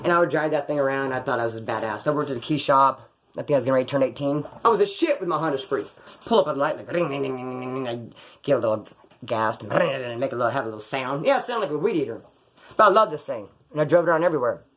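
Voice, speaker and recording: A man's voice: medium pitch, animated, racing, fairly bright tone. A middle-aged man telling rambling, profane, jokey stories about his past, straight to camera. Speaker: ex-prisoner storyteller. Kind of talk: casual storytelling to camera.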